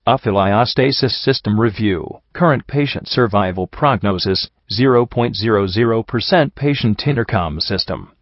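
A man voicing a computer terminal in a flat, clipped way, recorded dull and dry. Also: fairly low pitch, moderate pace, hardly any pauses, no echo. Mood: mechanical.

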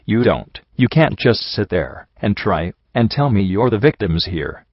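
A man's voice: on the low side, very animated, unhurried, no echo. A man voicing a blunt, stubborn young female pony heroine in an audiobook reading. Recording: dull dry recording.

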